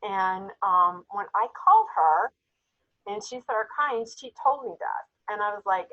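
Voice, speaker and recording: A woman's voice: medium pitch, expressive, a little slow, lo-fi sound. A woman on a casual group call, telling a heartfelt story with emotion that sometimes brings her close to tears. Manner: emotional, storytelling, tearful at times. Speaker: jewelry sales team member.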